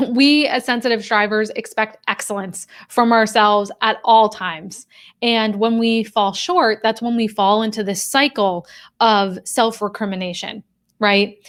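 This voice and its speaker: A woman who coaches and teaches human behavior, talking directly and conversationally to viewers on a live stream. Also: a little high.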